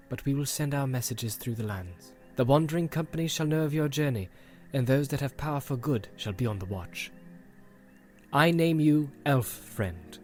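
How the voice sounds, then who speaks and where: A man reading aloud and voicing a wise, ancient male elf lord who speaks softly, solemnly and formally. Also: medium pitch, close to an everyday voice.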